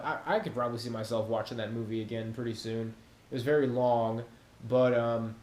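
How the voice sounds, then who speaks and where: A man's voice: medium pitch, roomy sound. A man hosting his own channel, talking casually and rambling, swearing often and laughing at his own jokes. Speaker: YouTube channel host. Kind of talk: casual monologue to camera. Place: home room with cats.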